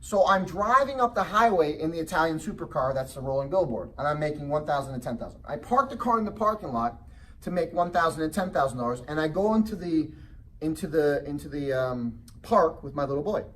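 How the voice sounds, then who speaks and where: A man's voice: expressive, brisk, fairly bright tone. A middle-aged man giving a motivational real estate seminar talk, telling a family story and asking the audience questions. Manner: acts out child's voice in high pitch. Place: presentation room. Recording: distant mic with faint background noise.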